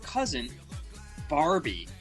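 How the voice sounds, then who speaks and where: A man's voice: fairly high pitch, huge pitch swings, takes it slowly, music in the background. A man co-hosting a comedy podcast, telling family stories in a rambling, stammering way. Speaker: podcast co-host. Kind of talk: casual comedy chat.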